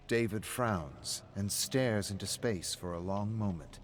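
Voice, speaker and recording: Man, narrator, low voice, even measured reading, faint background hiss. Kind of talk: storytelling narration.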